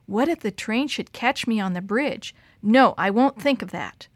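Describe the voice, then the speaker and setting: A woman's voice: a little high, expressive, moderate pace, no room sound. A woman reading brave young Kate, earnest. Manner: earnest, pleading, shouting over the wind.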